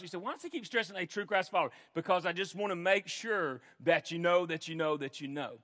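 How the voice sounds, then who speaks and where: A pastor preaches to his congregation in an earnest, emphatic way, circling back over phrases to drive them home. He is a man with a high, ringing voice. His words trail off into the long reverb of a large hall. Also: fairly quick, hardly any pauses, fairly bright tone. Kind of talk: sermon.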